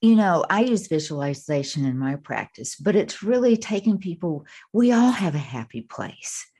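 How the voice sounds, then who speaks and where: A woman hosting a podcast interview, talking in a relaxed, conversational way about her counseling practice. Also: lowish voice, moderate pace, breathy edge.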